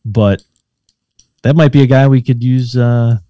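A man hosting a casual interview, explaining calmly and affirming his guest. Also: medium pitch, a little slow, dry recording, muffled recording.

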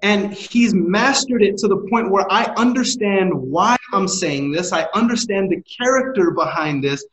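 A man's voice: high-pitched, lively intonation, a little slow, hardly any pauses, a bit bright, reverberant, low-quality recording. A man in casual podcast conversation who talks emphatically and eagerly, often repeating his words.

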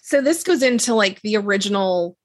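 An earnest woman coach explaining ideas in relaxed podcast talk. She slows down on the points she wants to land and keeps a steady, mid-height voice. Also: mid-range voice, no echo. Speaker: emotional regulation coach. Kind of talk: casual podcast conversation.

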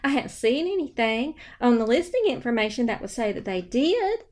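A woman hosts a podcast and tells a story in a chatty, animated way. Her voice sits a little high. She speaks into a studio microphone. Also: moderate pace. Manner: chatty, animated, addresses listeners as y'all. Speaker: podcast host, real estate agent. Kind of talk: casual storytelling. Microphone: new studio microphone.

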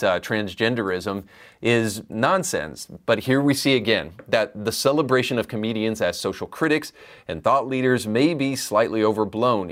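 A man hosting a commentary show, delivering opinions in an emphatic, argumentative way. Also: lowish voice. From United States. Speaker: commentary podcast host.

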